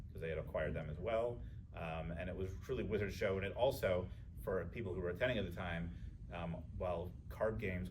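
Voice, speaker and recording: A man speaks on a convention seminar panel, laying out history in a steady, fact-driven way. His voice sits very low and is picked up from a distance. The recording is thin and tinny, with clear room noise underneath.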